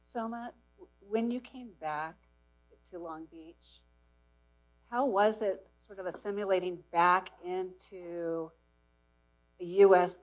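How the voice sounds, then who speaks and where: A woman's voice: fairly low pitch, poor audio. A woman interviewing a guest on stage before students, summing up and asking follow-up questions. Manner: encouraging, summarizing questions. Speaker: interviewer and moderator. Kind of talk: onstage interview. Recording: faint mains hum.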